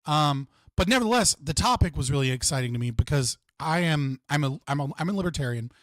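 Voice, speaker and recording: A man's voice: on the high side, animated, fast, fairly bright tone, no room sound, studio quality. A young American man hosting a livestream chat, rambling and filling his talk with "like". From United States. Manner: rambling, heavy on fillers like "like". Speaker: livestream host. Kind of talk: casual chat.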